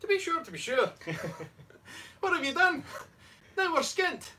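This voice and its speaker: A Scottish man voicing a flustered Irish drinking pal in a joke, in a high comic put-on brogue. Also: steady tone, measured pace, pushed and bright. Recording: distant mic, faint room noise.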